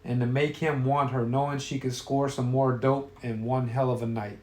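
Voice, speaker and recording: A man's voice: mid-range voice, little pitch movement, normal speed, a little mellow, roomy sound. A man telling a crude story in a profane, offhand way.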